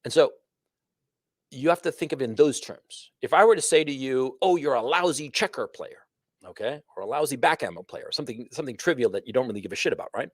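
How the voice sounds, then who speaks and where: A man's voice: medium pitch, lively intonation, fast, no echo, clean studio sound. A middle-aged man streaming a casual monologue, lecturing emphatically with lots of swearing and repeated "see?" and "okay?". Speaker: streamer commenting on another show.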